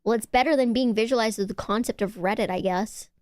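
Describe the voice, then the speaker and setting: A young woman streamer in casual chat, reading messages aloud and teasing her viewers, swearing and getting excitable. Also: on the high side, fast talker, no room sound, clean studio sound.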